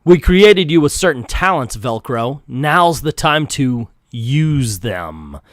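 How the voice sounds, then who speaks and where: A man's voice: medium pitch, animated, takes it slowly, no echo. A weary commanding officer speaks curtly, worn down by his squad of monsters, as a man reads his lines from a comic. The recording is dry and close. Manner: tired, curt. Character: weary male human officer leading monsters.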